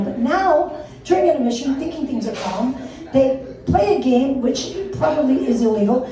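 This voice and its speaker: A woman's voice: sits high, animated, moderate pace, warm tone. An older woman doing a stand-up comedy set, self-deprecating and laughing through her own jokes. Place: stage in a room. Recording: echoey room, mic far off.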